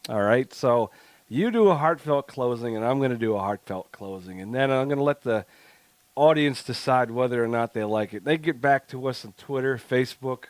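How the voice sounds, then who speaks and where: A man's voice: mid-range voice, normal speed, no room sound. A man co-hosting a casual podcast, joking around, laughing often and rambling with restarts. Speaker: podcast co-host.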